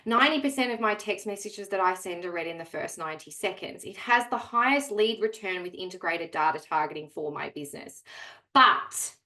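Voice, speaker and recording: A woman's voice: fairly low pitch, lively intonation, brisk, sharp tone, echoey room. A woman coaching real estate agents in a webinar, speaking energetically and emphatically straight to her audience. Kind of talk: webinar presentation.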